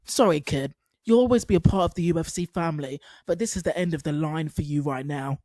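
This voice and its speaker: A woman's voice: low-pitched, a little fast, mellow, no room sound. A woman playing a blunt, swearing male fight-company boss in a brusque, matter-of-fact tone.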